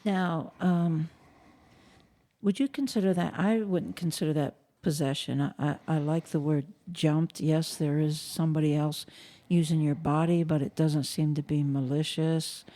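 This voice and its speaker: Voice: mid-range voice, fairly even intonation, measured pace, mellow. A podcast co-host in casual chat, speaking thoughtfully and asking the guests questions.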